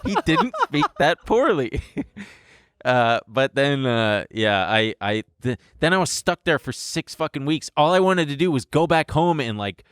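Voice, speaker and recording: A man's voice: fairly high pitch, sing-song, a little slow, a bit bright, clean tone, dry recording, clean studio sound. A young man co-hosting a podcast, telling a long personal story in a rambling, self-deprecating way and laughing between lines. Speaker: podcast co-host. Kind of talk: casual storytelling chat.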